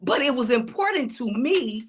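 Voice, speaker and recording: A woman who is an author and preacher tells her story in testimony-style interview talk, her voice fairly high, breathy at the edges, and lively in intonation at a normal speed. She's preachy and calls out to the crowd, addressing them as "y'all."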